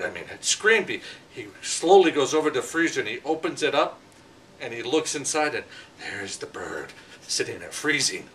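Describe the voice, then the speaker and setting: Middle-aged male host, rambling joke teller, bright tone, recorded from a distance. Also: on the high side, very animated, fairly quick, a little hiss or hum. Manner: rambling with many "you know" fillers. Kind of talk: casual joke telling. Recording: voice from far off the mic.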